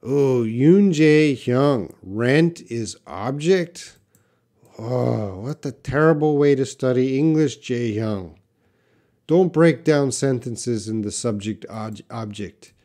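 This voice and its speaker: A man's voice: medium pitch, slow pace, dark tone. A Canadian man teaching English on a live stream, reading viewers' comments aloud and answering them bluntly.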